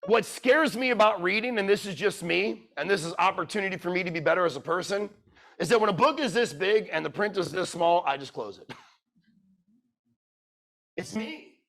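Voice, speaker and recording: A man with a high-pitched voice delivers a motivational speech to a room of listeners. He is blunt and profane and keeps firing questions at the crowd. He drops from loud urging into quiet, emotional storytelling. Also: moderate pace, vocal fry. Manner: blunt, swears freely, quizzes the audience. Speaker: keynote speaker. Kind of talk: motivational speech to a live audience.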